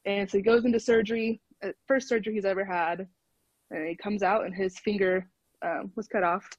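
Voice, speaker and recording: A woman's voice: mid-range voice, fairly even intonation, brisk, husky, no echo, lo-fi sound. A woman guest on a podcast, chatting casually and laughing often as she tells a story over a call. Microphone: phone call.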